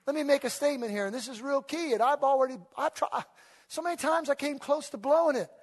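A high-pitched man preaching in a big church hall, his voice trailing off into long reverb. He swings from soft, conversational asides to loud, fervent exhortation, calling the congregation to read along with him. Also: fast. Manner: animated, rising to loud exhortation, call-and-response with congregation. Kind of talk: energetic sermon. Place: church sanctuary.

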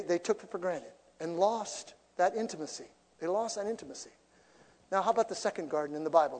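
A male pastor with a notably high voice preaches in church, lively and playful, throwing in jokes and asides to the congregation. His voice rings out with a long reverb tail from the sanctuary. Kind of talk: sermon.

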